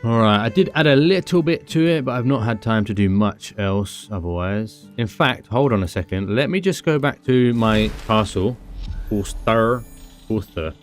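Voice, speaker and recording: A man's voice: medium pitch, lively intonation, moderate pace, few pauses, faint music behind. A British man giving chatty, rambling commentary on his game stream, with self-mocking asides. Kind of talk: casual gameplay commentary.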